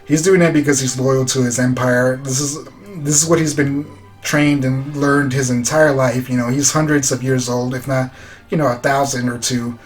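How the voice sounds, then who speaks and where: A man's voice: medium pitch, steady tone, moderate pace, soft background music. A man giving a casual recap of a show episode, retelling scenes loosely with lots of fillers and quoted dialogue. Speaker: reviewer.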